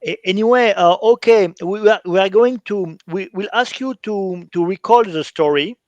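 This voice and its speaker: French man hosting in halting English. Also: high-pitched, no room sound, dull audio. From France. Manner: halting, with many fillers, hesitations and laughs. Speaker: interview host. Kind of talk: hosting an online interview in a second language.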